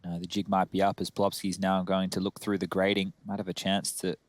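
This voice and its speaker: A man giving steady, analytical commentary on a competitive shooter match. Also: low-pitched, brisk, no room sound. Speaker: esports caster. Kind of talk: play-by-play commentary.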